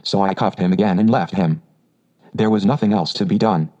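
A hearty, fearless otter from a storybook, chatting away cheerfully, as a man puts him on. The voice is warm and mellow, and the recording is somewhat dull. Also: low-pitched, brisk, pitched below the performer's own voice, natural voice. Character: hearty, bold male otter, cheerful adventurer.

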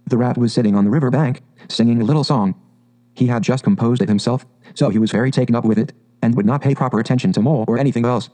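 A man narrating a classic storybook in an even, unhurried audiobook reading. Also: medium pitch, low-quality recording.

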